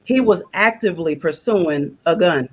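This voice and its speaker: A woman's voice: fairly low pitch, lively intonation, moderate pace, slight background noise, low-quality recording. A woman, a guest on a faith broadcast, telling an emotional personal story in plain conversational speech and using religious phrasing. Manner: retells conversations in quoted dialogue, repeating phrases.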